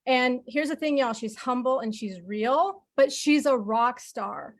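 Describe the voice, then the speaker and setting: A woman introducing a guest on a business call in an excited, gushing way. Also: sits high, a little slow. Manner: excited, gushing, says y'all. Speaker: call host introducing a speaker. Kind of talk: enthusiastic introduction.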